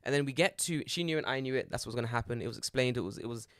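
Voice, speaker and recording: A young man, a podcast co-host, telling an animated story in casual chat and swearing freely. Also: mid-range voice, very fast, no echo, studio quality. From Britain.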